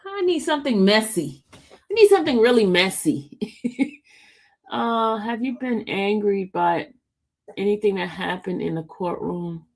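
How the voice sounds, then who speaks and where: This woman's voice is mid-range and animated, a little slow, with some vocal fry. She's hosting a laid-back livestream, reading out viewers' comments, answering their questions, and talking to her dog.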